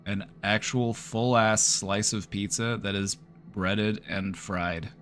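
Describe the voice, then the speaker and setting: A man's voice: on the low side, fairly even intonation, slow pace, fairly bright tone. A man streaming live, giving casual joking commentary with wry running reactions. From United States.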